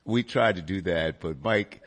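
A man's voice: low voice, a little slow. A man hosting a casual chat, prompting his guest to tell the story. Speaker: talk show host.

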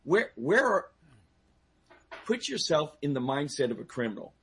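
A gravelly, husky-voiced man, somewhat high for a man, lectures a talk show audience on personal safety. He talks emphatically, stumbles into restarts, and keeps firing questions at the listeners. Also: sing-song, normal speed, a bit bright. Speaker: personal safety instructor, guest.

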